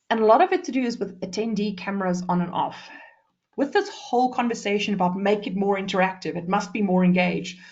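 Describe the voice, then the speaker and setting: A woman from South Africa giving a presentation skills workshop, fast and lively, deliberately shifting her pace and loudness. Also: mid-range voice, lo-fi sound.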